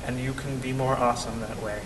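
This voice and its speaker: A young man telling a story in an animated way, acting out the voices of the people in it. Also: a little fast, over loud music. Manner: animated, acts out quoted voices. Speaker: vlogger. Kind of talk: storytelling vlog. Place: cave. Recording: echoey cave, distant mic, faint rumble.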